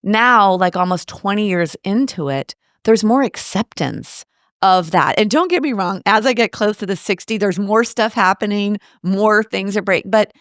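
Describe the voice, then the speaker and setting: A woman's voice: mid-range voice, moderate pace, a bit bright, no echo, clean studio sound. A woman in her late fifties from the United States, chatting animatedly as an interview guest and telling stories with rhetorical asides. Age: 50s. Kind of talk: casual interview conversation.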